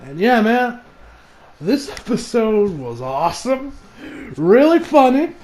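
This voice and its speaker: Young male reviewer, high and animated, laughs through his casual rants. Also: slow pace, a little hiss or hum. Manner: excitable, profane, laughs a lot. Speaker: anime reviewer. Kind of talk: casual chat. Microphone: new home mic.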